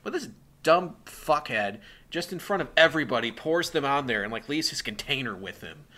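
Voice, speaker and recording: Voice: mid-range voice, expressive, normal speed, sharp tone. A podcast co-host recapping a TV episode in casual chat, blunt and insulting, heavy on "like".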